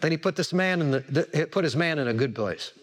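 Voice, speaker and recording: Guy preaching to a church crowd, high voice that swings up and down a lot, keeps asking them stuff. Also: fast talker. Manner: animated, repeats words for emphasis, asks the congregation questions. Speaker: pastor. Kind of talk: sermon.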